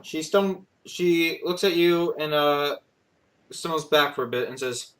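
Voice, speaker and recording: A man running a tabletop game as game master, with a slightly higher-pitched voice than most men. He narrates in a halting way, pausing on many fillers as he describes the scene. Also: fairly bright tone.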